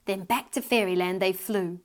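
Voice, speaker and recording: A woman reading her own storybook aloud with gentle, expressive storytelling. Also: mid-range voice, moderate pace. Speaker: author and narrator.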